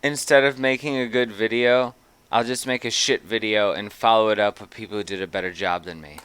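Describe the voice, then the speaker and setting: A man's voice: on the low side, fairly even intonation, brisk, a bit bright, smooth, dry recording. A man from Chicago hosting a live stream, throwing in short jokey quips over a video. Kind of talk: casual reaction commentary.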